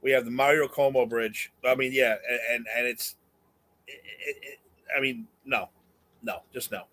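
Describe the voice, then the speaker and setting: A man's voice: medium pitch, fairly even intonation, normal speed, fairly bright tone. A middle-aged man from New York, co-hosting a live talk show and giving blunt, opinionated rants. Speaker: co-host. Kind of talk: casual live show chat.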